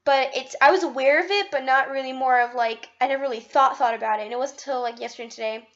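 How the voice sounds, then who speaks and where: A woman's voice: high voice, fast talker, muffled recording. A young woman in a casual vlog monologue, bubbly and rambling, poking fun at herself. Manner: bubbly, rambling, self-deprecating. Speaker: vlogger.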